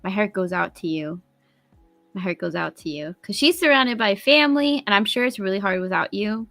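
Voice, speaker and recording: Bright, giggly woman streamer. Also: mid-range voice, animated, a little fast, gravelly, dry recording, soft background music. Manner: playful, giggly, teasing. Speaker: guest streamer. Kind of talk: casual stream chat.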